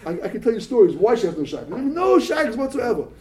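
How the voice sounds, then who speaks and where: A male rabbi talks to yeshiva students in a high, swooping voice, his tone soft and warm rather than bright. He tells stories animatedly, mixing Hebrew and Yiddish terms into English and repeating words as he gets worked up. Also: fairly quick, poor audio. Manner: animated storyteller, repeats words when excited. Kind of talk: motivational talk to yeshiva students.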